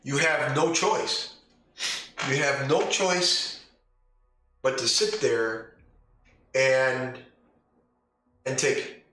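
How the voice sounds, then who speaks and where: A man's voice: medium pitch, very slow, pauses often, sharp tone. A man hosting a podcast as a dungeon master, talking casually and bluntly, firing off emphatic rhetorical questions. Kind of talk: casual opinion monologue. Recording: very echoey room, distant mic, faint music.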